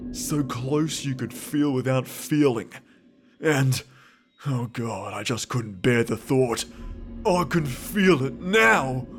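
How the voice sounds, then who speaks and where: A man's voice: medium pitch, lively intonation, slow, soft background music. Frightened man narrating a horror story. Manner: tense, frightened telling with sudden shouts.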